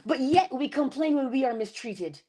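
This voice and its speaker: A woman giving a passionate spiritual motivational talk, slowing down and stretching key words for emphasis. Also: high-pitched, animated, warm tone. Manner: passionate, preachy, rising and falling emphasis. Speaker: inspirational speaker.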